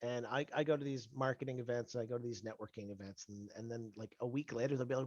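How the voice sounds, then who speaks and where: A man's voice: mid-range voice, steady tone, fast talker, darkish tone, no room sound, muffled recording. A man interviewing a guest over a video call, in a chatty, joking way with frequent restarts. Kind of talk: casual conversational interview.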